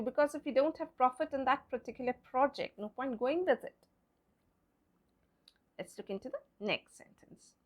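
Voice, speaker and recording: A woman teaching English pronunciation, spelling out words letter by letter, repeating them slowly and hushing playfully over silent letters. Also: sits high. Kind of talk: explaining pronunciation to viewers.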